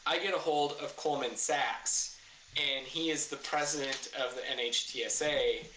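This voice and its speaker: A car builder and former racer guests on a casual podcast interview, telling a story in a mid-range voice at normal speed. He animatedly and loudly acts out others' words, swears freely, and laughs at himself, in an echoey room with faint ambient noise.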